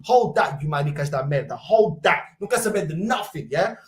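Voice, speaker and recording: A young man, hosting a football fan livestream with loud, mocking banter and rapid-fire rhetorical questions. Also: fairly high pitch, expressive. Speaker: host. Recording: roomy echo.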